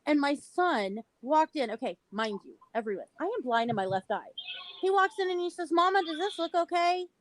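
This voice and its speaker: A middle-aged woman hosting a livestream over a video call, telling stories in a blunt, animated way and laughing often. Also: a little high, moderate pace, slight background noise, rough recording. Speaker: livestream host. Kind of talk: casual chat.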